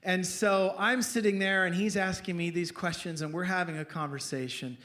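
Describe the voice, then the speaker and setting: A pastor telling a humorous personal story in a sermon, animated and self-mocking, often laughing at his own jokes. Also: high-pitched, moderate pace. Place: church.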